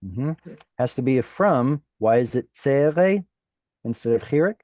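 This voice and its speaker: Slow, lively-voiced male Hebrew teacher. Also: medium pitch, dry recording, studio quality. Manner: patient, questioning students. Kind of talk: online class teaching.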